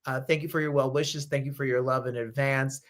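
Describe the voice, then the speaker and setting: A man's voice: mid-range voice, fairly even intonation, brisk. A middle-aged man hosting a live talk show, chatting effusively and emotionally with his viewers. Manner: effusive, emotional, sings snippets. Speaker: host. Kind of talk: casual live show chat.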